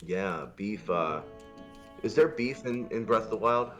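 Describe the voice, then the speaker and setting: A man's voice: lowish voice, animated, unhurried. A man co-hosting a charity game stream, chatting casually and riffing on silly jokes. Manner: rambling, jokey, restarts. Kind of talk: casual joking stream chat. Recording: loud music behind.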